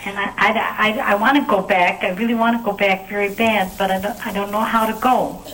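Female caller, grieving, emotional, halting stammering speech, mid pitch. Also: steady tone, fairly bright tone, low-quality recording. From United States.

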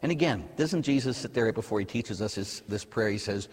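Husky-voiced American priest preaching. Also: male voice, on the low side, a little fast, few pauses, long reverb tail. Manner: lively, conversational preaching, asks the audience "huh?". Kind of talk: sermon.

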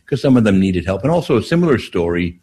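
An older man, a priest, telling stories on a call-in talk show in an unhurried way, with frequent restarts. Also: lowish voice, big pitch swings, mellow, a little hiss or hum.

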